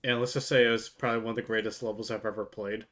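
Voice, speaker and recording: A man's voice: on the low side, flat delivery, very fast, fairly bright tone. A man streaming live while drinking, chatting casually to his chat, laughing often, swearing and rambling with many restarts. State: drunk.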